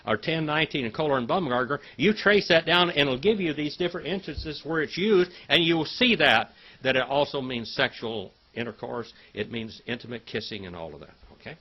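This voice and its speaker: Husky male teacher, lively folksy lecture. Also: mid-range voice, fairly quick, few pauses, dull audio. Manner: folksy, quizzes students by name. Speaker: Bible and Hebrew teacher. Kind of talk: classroom lecture.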